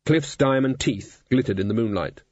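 A man reading a comic fantasy novel aloud in scripted narration, dry and even. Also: medium pitch, normal speed, no echo, dull audio. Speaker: audiobook narrator.

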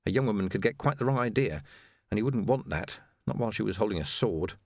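A man narrating a novel as an audiobook, with dramatic, expressive storytelling. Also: lowish voice, fast, dry recording, clean studio sound. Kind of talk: scripted narration.

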